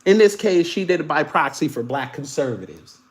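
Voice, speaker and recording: A man's voice: on the high side, fairly quick. A man from the Caribbean hosting casual commentary, reading posts aloud with sarcastic, mocking remarks and muttered asides. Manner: animated, sarcastic, mocking, swings between loud and muttered asides. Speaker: political commentary host.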